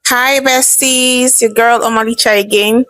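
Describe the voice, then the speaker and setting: A woman with a Nigerian accent narrating a folktale in a lively, chatty way. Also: on the high side, measured pace, soft background music. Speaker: storyteller. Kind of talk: storytelling narration.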